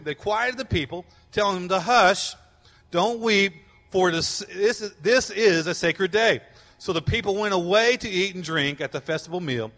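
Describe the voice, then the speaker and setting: A man preaching as a church pastor, reading scripture and then building up to loud, fervent proclaiming. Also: high-pitched. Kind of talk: sermon. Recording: long hall reverb.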